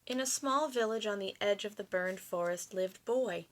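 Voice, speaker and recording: A woman reading a picture book aloud to children, expressive and pausing to explain. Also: medium pitch.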